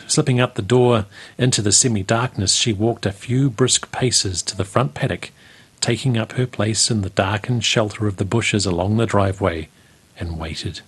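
A man reading a country story aloud in a steady, unhurried way. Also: fairly low pitch, husky.

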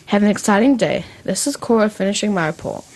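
A woman's voice: mid-range voice, lively intonation, fast, darkish tone, a little hiss or hum, low-quality recording. A girl reading out a fact report on student radio, careful and earnest. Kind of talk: read-aloud fact report.

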